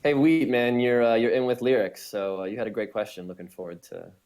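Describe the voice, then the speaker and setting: A man moderating a voice chat, upbeat and brisk as he moves callers in and out, on a headset mic. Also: mid-range voice, steady tone, darkish tone, faint music behind. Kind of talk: casual voice chat.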